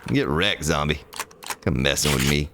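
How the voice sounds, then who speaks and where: A let's play streamer with an animated bass voice gives folksy, joking commentary while playing a survival game, chatting with viewers by name at a normal speed. Game music plays behind him, and the background is noisy.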